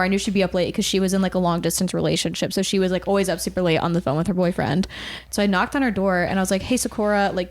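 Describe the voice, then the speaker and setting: Chatty woman podcast co-host. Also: medium pitch. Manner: chatty storyteller, heavy use of "like". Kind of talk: casual chat.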